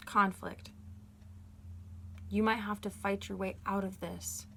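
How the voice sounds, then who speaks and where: A woman's voice: mid-range voice, level tone, takes it slowly, creaky, fairly bright tone, slight background noise. Earnest woman giving a tarot reading. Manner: earnest, emotional and encouraging, speaking to viewers directly. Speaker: tarot reader.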